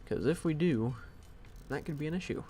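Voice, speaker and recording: This man thinks out loud while streaming a game live from home, his casual commentary rambling and self-deprecating over a headset mic. He has a fairly high, warm voice, animated and at normal speed.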